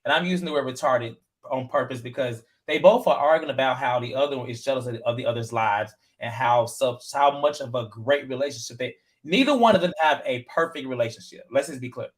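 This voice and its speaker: A man co-hosting a casual reality TV recap show, talking in a chatty, animated way with lots of fillers and retold quotes. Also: medium pitch, a little fast. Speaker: podcast co-host.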